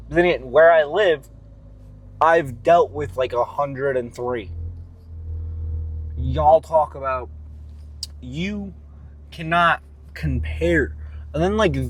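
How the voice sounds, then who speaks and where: A man's voice: on the high side, takes it slowly, long pauses, breathy edge. A man talking casually in a vlog, rambling and swearing freely as he rants and muses about his workouts. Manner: profane, rambling and animated. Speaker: fitness vlogger.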